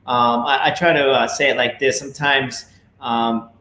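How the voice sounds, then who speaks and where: A man's voice: medium pitch, fairly even intonation, normal speed, sharp tone, echoey room, poor audio. A man casually talking to viewers at home, rambling with many fillers and a preachy tone. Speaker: network marketing leader. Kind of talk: casual video talk to viewers.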